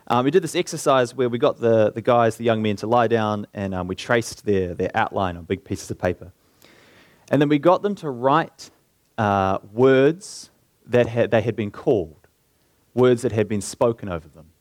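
Nz guy giving a sermon, earnest, slows right down on the big lines, dry close sound, mid voice. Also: mid-range voice, dry recording. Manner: earnest, slows down and lifts his voice for emphasis. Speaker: preacher.

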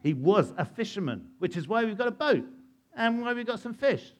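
A man spins a Bible story for a young audience in a sermon-time talk. His voice sits a little high and swoops up and down with every turn of the tale. He keeps asking his listeners questions as he goes. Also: sing-song, moderate pace. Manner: asks the listeners questions and plays out the scenes. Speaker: church storyteller for children.

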